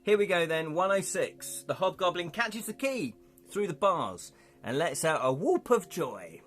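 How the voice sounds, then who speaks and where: A man's voice: high voice, sing-song, a little slow, a bit bright, soft background music. A man hosting a live stream, reading a gamebook aloud and chatting with viewers, laughing often. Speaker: livestream host reading a gamebook.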